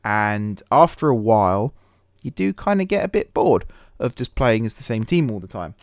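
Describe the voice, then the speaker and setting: A man hosting a gaming channel chats casually while playing a management game, rambling and teasing himself with lots of fillers and restarts. His low voice swings widely in pitch at a normal speed, a little mellow, recorded in studio quality without echo.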